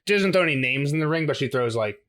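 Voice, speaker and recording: A man co-hosting a podcast, recapping a book chapter in loose casual chat, full of "like" and quick laughs. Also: on the high side, lively intonation, a bit bright. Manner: rambling, heavy use of "like", laughs often. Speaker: podcast co-host.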